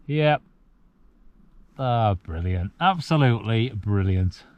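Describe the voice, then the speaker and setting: A man in his forties from the UK chats casually to camera while camping alone on a cold mountain at night, in a relaxed, reflective way with the odd chuckle. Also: fairly low pitch, slow, no echo, phone-quality sound. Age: 40s. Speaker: solo wild camping vlogger.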